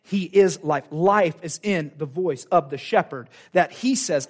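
Male pastor, fairly high voice, animated sermon delivery with repetition and acted-out quotes. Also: normal speed, few pauses. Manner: animated preaching, acts out quoted voices, repeats phrases. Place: church sanctuary.

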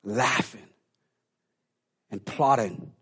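A pastor preaching a sermon, emphatic and calling out to the congregation, swinging from hushed talk to shouting. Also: male voice, on the low side, drawn-out words, breathy edge.

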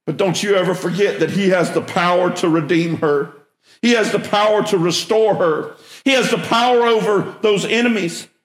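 A man's voice: high voice, normal speed, reverberant. A man preaching a sermon as a pastor, emphatic, rising when he stresses a point.

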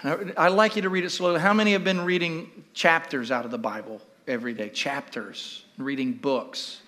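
A male pastor preaching a sermon to his church, animated and repeating questions to the congregation. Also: fairly high pitch, moderate pace.

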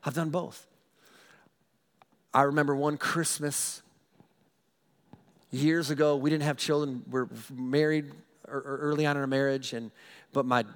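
A middle-aged man, a pastor, telling a funny personal story in a sermon, animated and self-mocking, often repeating his words. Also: medium pitch.

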